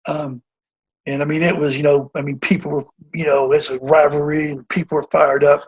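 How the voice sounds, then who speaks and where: A man's voice: on the high side, little pitch movement, brisk, slightly rough. A middle-aged man, a basketball coach, telling stories in a casual interview, earnest and rambling with lots of fillers and restarts. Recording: dull lo-fi audio.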